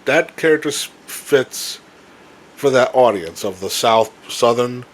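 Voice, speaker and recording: A young man co-hosting a casual chat, rambling with halting restarts and swearing freely. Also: medium pitch, expressive. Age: young adult. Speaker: podcast co-host.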